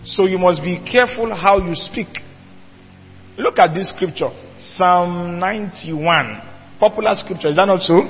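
His voice sits high and his speed is normal as this pastor preaches an emphatic sermon, questioning the congregation rhetorically. Faint music runs behind him in a dull, lo-fi church hall recording with a long reverb tail.

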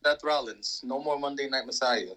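A man co-hosting a casual wrestling chat, talking in an animated, profane, emphatic way. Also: mid-range voice, normal speed, crowd noise, low-quality recording. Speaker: podcast co-host.

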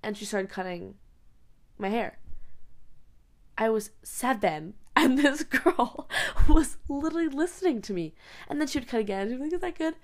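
A woman's voice: on the high side, expressive, normal speed, pauses often. Rambling giggly young woman vlogger. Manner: rambling, filler-heavy, giggly. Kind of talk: casual chat. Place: bedroom.

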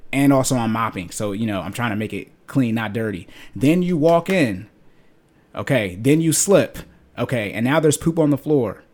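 A young man hosting a money podcast delivers an emphatic, blunt rant at an ordinary, mid-range pitch. He lectures his listeners and leans on homespun analogies to drive each point home. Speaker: podcast host. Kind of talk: personal finance podcast rant.

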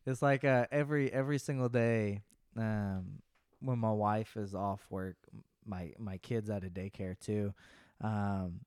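A man in his late twenties chats in a relaxed, rambling way, laughing often. His voice sits a bit low and sounds smooth and resonant. The sound is dry and close, with no room around it. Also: unhurried, dry recording. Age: late 20s. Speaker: podcast co-host. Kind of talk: casual chat.

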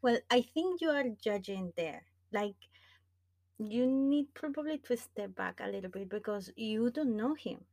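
A woman's voice: a little high, expressive, unhurried, no echo. Dry-sounding woman co-host. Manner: friendly, laughs often, pushes back gently. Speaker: podcast co-host. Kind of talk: casual film chat.

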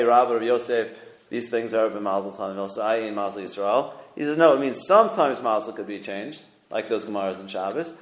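A man's voice: on the low side, reverberant. A man giving a casual Talmud lesson, translating the Aramaic as he goes and often checking in with "okay?" and "right?". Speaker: Torah teacher.

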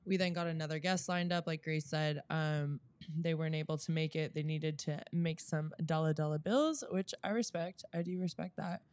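A woman's voice: sits low, fairly even intonation, normal speed, darkish tone, no room sound. A young woman co-hosting a podcast, chatting in a breezy, joking way. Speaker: podcast co-host. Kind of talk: casual chat.

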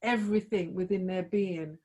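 A woman's voice: lowish voice, steady tone, normal speed, dark tone, breathy edge, dull audio. A woman hosting a casual chat, asking thoughtful, open questions about drive and fear.

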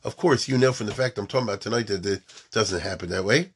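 A man's voice: lowish voice, fast, slightly rough. A man giving an informal storytelling lecture, mixing in Hebrew and Yiddish terms and often checking that his listeners follow.

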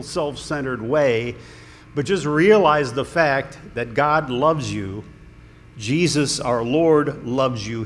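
A man preaching a sermon in a conversational, earnest way, with small restarts. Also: medium pitch. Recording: long hall reverb, faint room noise.

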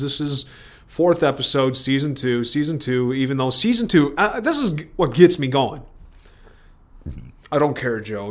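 A man hosting his own podcast, talking alone in a rambling, digressive stream of consciousness that keeps breaking off and restarting. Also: mid-range voice. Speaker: podcast host. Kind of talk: rambling solo monologue.

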